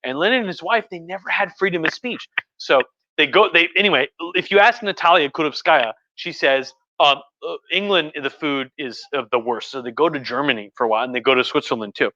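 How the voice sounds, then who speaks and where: A man's voice: on the high side, brisk, bright, forceful tone, a little hiss or hum. A tipsy man hosting a casual history livestream from home, crude and profane, rambling with restarts. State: tipsy from wine. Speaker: host. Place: home room. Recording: dull, muffled audio.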